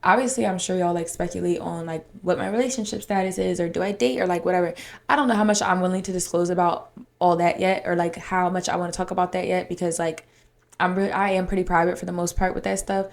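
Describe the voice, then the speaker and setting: A young woman with a lilt and a low-set voice talks through her week in a loose solo podcast chat. She rambles, circling back on herself with constant "like" fillers, and stays open and candid throughout. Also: steady tone, fast, vocal fry. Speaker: podcast host.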